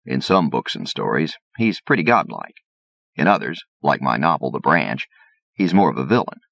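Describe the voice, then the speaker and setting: Gravelly, very deep-voiced male narrator. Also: very animated, normal speed, a bit bright, no echo. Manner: folksy, wry storytelling. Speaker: audiobook reader. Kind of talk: scripted narration. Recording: dull lo-fi audiobook recording.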